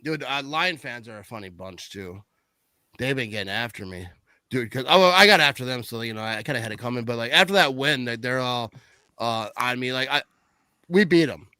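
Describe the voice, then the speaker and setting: A man talking casually about football, rambling with lots of fillers and animated swings in his voice. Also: mid-range voice, brisk, clear, resonant tone, dry recording. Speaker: podcast guest. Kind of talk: casual sports chat.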